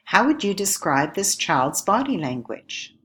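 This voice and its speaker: A woman with a low voice narrates a recorded lesson. She speaks clearly and at a measured pace, posing question after question to her viewers as an instructor. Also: sing-song, a bit bright.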